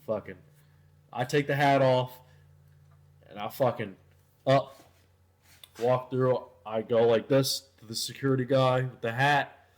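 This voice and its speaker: A young man co-hosting a casual podcast, swearing freely as he rambles through a story. His voice sits at an ordinary middle pitch, and his asides often sink to a low mutter. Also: fairly even intonation, a little slow, pauses often. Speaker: podcast co-host. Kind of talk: casual chat.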